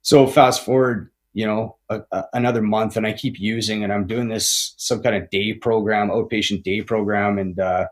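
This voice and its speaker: A man's voice: on the low side, steady tone, moderate pace, few pauses. A man in his forties, a podcast guest telling his recovery story candidly, swearing a lot, tagging lines with "right?" and "man" and restarting often. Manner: rambling with frequent restarts.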